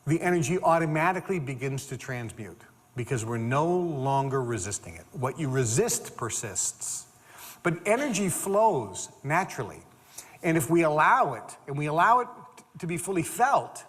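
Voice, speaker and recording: A man giving a motivational talk in a lively, swooping voice that sits a little high. He is emphatic and repeats key phrases for stress, and a long reverb trails behind his words as if in a large hall. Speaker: motivational speaker.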